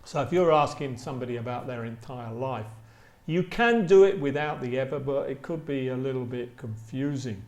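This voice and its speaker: A man teaching an English grammar lesson, repeating example sentences slowly and stretching them out for emphasis. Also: mid-range voice, reverberant. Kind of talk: slow, deliberate grammar lesson with spoken examples.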